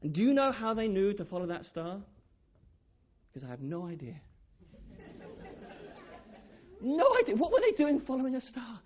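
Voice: mid-range voice, measured pace, long pauses, muffled recording, some chatter behind. A speaker giving a children's talk in church, telling a Bible story and asking the children questions. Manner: lively, asks the children questions. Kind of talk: children's sermon.

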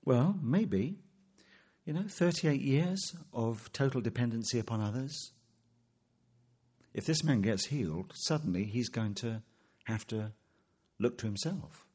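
A man preaches a sermon, his pitch rising and falling as he works through rhetorical questions and quoted scripture. His voice is slightly husky, and he talks at a measured, expository pace. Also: expressive, darkish tone.

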